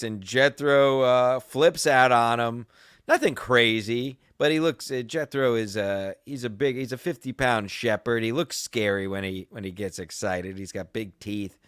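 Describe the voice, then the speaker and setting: A man's voice: medium pitch, clear, resonant tone, dry recording, clean studio sound. A man hosting a podcast, telling a story in a crude, combative and profane rant. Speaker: podcast host. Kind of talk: casual ranting chat.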